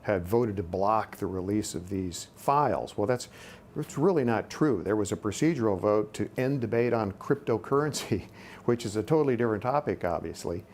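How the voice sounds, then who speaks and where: An earnest male politician with a fairly low voice answers an interview question, stumbling and repeating words as he restarts. A faint bed of outdoor ambience and noise sits under him. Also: lively intonation, normal speed, a little mellow. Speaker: congressman.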